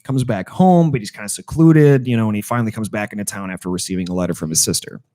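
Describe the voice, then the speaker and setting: A man co-hosting a podcast, chatting casually, halting as he searches for words and swearing freely. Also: lowish voice, warm tone. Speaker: podcast co-host. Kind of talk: casual chat.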